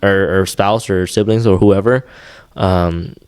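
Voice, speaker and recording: A young podcast co-host talks slowly in a low, darkish, smooth voice with fairly even intonation. The studio-quality recording has no room sound, and his casual chat rambles with many fillers and restarts.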